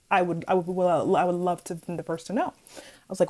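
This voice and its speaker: Fast and lowish-voiced, a young woman shares a dramatic storytime with her viewers, addressing them as guys in a chatty, animated way. The audio is poor, with a little hiss or hum.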